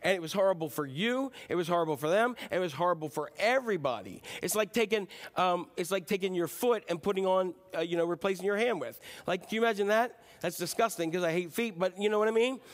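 A man preaching a sermon in a conversational, animated way, dropping his voice to act out quoted lines. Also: high-pitched, quick pace, few pauses. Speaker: pastor.

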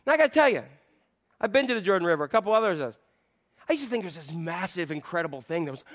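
A high-voiced man preaching in a church, lively and playful, leaning on repetition and questions to the congregation. His voice runs from soft and low to loud, bright bursts. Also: rapid-fire. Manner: animated, playful, repeats phrases. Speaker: pastor. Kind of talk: sermon.

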